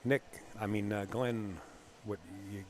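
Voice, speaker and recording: A lowish-voiced man with a thick Bronx New York accent calls a pool match live, teasing his co-workers in between the shots. He sits alone in a small commentary room, with a faint hum of the venue around him. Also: steady tone, a little slow, darkish tone. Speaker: billiards commentator.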